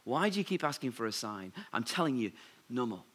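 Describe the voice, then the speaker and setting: A man voicing an exasperated teacher who speaks low and firm with a sigh. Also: very animated, a little fast, fairly bright tone, slightly rough. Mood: weary.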